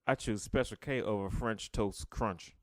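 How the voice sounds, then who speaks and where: A man's voice: on the low side, no echo, studio quality. A man with a slight stutter co-hosting a podcast, chatting casually and choosing his words carefully. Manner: slow, careful wording, chuckling. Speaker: podcast co-host. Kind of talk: casual chat.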